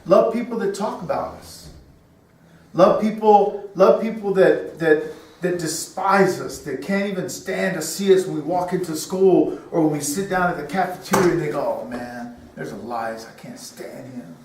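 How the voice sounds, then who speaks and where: A man's voice: sits high, normal speed, darkish tone. A middle-aged man teaching a children's sermon to a room of kids, checking in with "okay?" and "right?" as he goes. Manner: keeps asking the kids questions, tags lines with "okay?" and "right?". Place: church room full of children. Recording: echoey room, mic far off.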